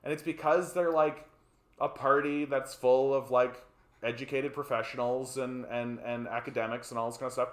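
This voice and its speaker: A man's voice: medium pitch, steady tone, normal speed. Canadian man, livestream host, casual profane rants, mid voice, roomy sound. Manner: profane, rambling, tags lines with "right?". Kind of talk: casual political commentary.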